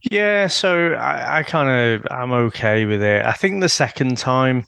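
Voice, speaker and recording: A man's voice: medium pitch, lively intonation, measured pace, creaky, pushed and bright, clean tone, dry recording, studio quality. A man co-hosting a podcast, chatting casually, rambling with restarts and swearing freely. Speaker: podcast co-host. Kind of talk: casual chat.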